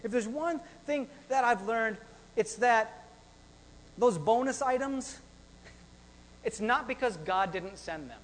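A man preaching a lively, conversational sermon full of rhetorical questions. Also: extremely high pitch, takes it slowly, pauses often, long reverb tail, slight background noise. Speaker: pastor.

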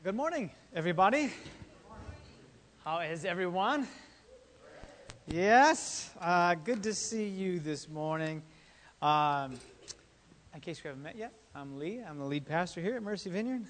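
Man, lead pastor, high-pitched, chatty sermon, fillers, long church-hall echo. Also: expressive, unhurried, long pauses, a bit bright. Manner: chatty, joking, with frequent fillers. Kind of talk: casual sermon with storytelling. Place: church sanctuary.

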